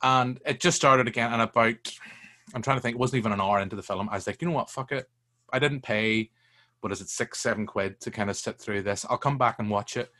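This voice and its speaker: Animated, swearing man. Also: medium pitch, a little fast. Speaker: film podcast guest. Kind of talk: casual chat.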